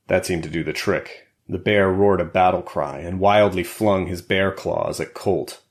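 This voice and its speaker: A man narrating an action thriller audiobook in a steady, measured way. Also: low-pitched. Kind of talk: scripted narration.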